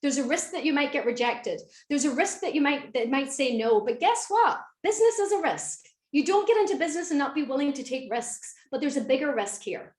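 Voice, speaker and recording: High, energetic Irish woman rallying listeners. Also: brisk, few pauses. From Ireland. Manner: energetic, rallying, keeps asking the audience to answer in chat. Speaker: business mentor and speaker. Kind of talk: motivational online talk. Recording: roomy echo.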